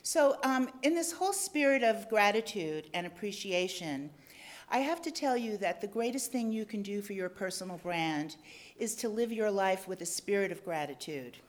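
A woman's voice: medium pitch, animated, moderate pace. A middle-aged woman giving an upbeat, effusive talk as a guest speaker at a club lecture venue. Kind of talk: enthusiastic public talk.

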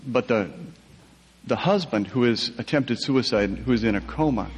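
A soft-spoken man being interviewed about his writing, telling a personal story with a husky voice and halting restarts. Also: mid-range voice. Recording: long hall reverb.

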